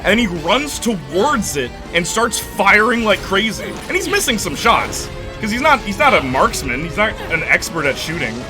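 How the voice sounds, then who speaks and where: A man giving casual let's-play commentary, rambling and enthusiastic with many fillers. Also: high voice. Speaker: gameplay commentator.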